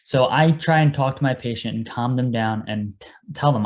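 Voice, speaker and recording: A man's voice: medium pitch, normal speed. A young man, a paramedic guest on a podcast, telling his work story in an earnest, casual way and acting out his past lines.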